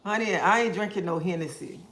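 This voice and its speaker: A man's voice: high-pitched, brisk, sharp tone, a little hiss or hum. A man hosting a casual livestream, answering viewer comments and giving preachy life advice. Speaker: livestream host. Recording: roomy echo.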